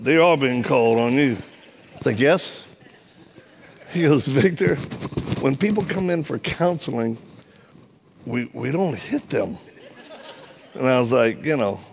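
Preaching in a church, a middle-aged man uses a mid-range voice with vocal fry. He tells funny stories with lots of animation and humor, voicing the other characters' lines himself.

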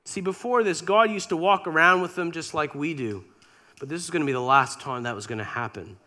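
A man's voice: a little high, brisk, pushed and bright. A man preacher telling a scripture story in a sermon with dramatic, imaginative retelling.

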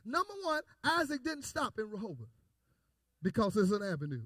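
A man with a high, bright, piercing voice preaches. His pitch swings widely as he repeats phrases and builds to shouts. The sound is dry and close, with little room echo. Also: big pitch swings, moderate pace, slightly rough. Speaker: pastor. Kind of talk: call-and-response sermon.

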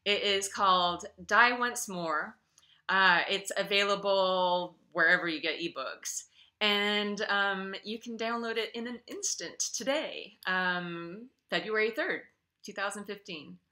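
A woman author reading her own novel aloud in an expressive way, then speaking casually to her listeners. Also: mid-range voice, slow pace.

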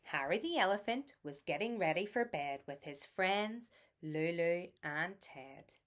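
A woman reading a children's bedtime picture book aloud in a soft, soothing, lilting way. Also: fairly low pitch, animated, measured pace. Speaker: storybook reader.

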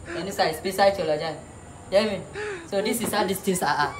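Over noisy crowd sounds, a woman comedian plays a teacher in a comic classroom sketch. Her voice is lowish and fairly quick as she acts mock-bossy and teasing, repeating words amid laughter.

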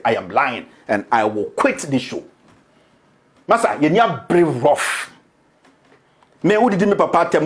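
A man with a Ghanaian accent makes a defiant public statement. His voice sits high and swings up and down a lot. He repeats himself and moves between English and Twi.

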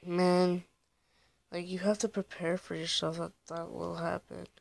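A man's voice: sits high, completely flat delivery, measured pace, vocal fry. A man giving casual gameplay commentary, talking to his viewers in a rambling, heartfelt way. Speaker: gaming video creator.

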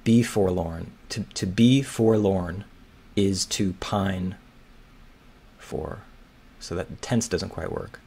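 Slow, hesitant man thinking aloud. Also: sits low, dark tone, husky. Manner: hesitant, muttering, questioning. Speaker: crossword solver. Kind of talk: thinking aloud while solving.

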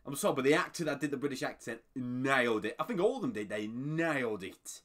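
A man casually commenting on a video he just watched, excitable and rambling. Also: medium pitch, fairly quick. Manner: excitable, rambling, breaks into laughter. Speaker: video reactor.

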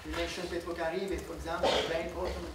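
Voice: medium pitch, level tone, racing. A guest speaker with a French accent gives a talk to a full lecture room without a microphone, projecting the voice. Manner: unamplified, speaking up to a full room, light laughs. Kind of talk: lecture followed by Q and A. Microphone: no microphone, recorded from far off. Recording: roomy, distant, noisy with no microphone.

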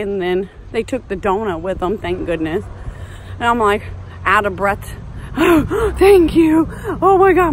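A woman, telling a story in a chatty, animated vlog while walking outdoors. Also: medium pitch, a little hiss or hum. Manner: chatty, animated, exclaiming, says "like" often. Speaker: mom vlogger.

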